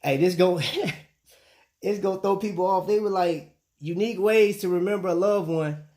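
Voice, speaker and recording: Man, live-stream host, casual slang, fairly high voice, tablet mic. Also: fairly even intonation, normal speed, mellow. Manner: laid-back slang, chatting with viewers, often saying "man".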